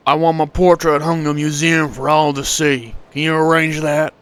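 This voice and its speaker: Curt, self-important ship captain; a man voices him, a little high and commanding. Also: flat delivery, moderate pace, a bit bright, clear, resonant tone, natural voice. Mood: brusque. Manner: brusque, commanding.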